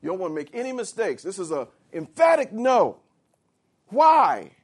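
A man preaching a sermon. He reads scripture slowly, explains it in plain words, and rises to emphatic shouts. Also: high voice, huge pitch swings, breathy edge.

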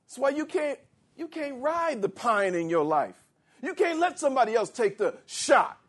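A man preaching a sermon. He reads scripture slowly, explains it in plain words, and rises to emphatic shouts. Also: very high-pitched, very animated, slightly rough.

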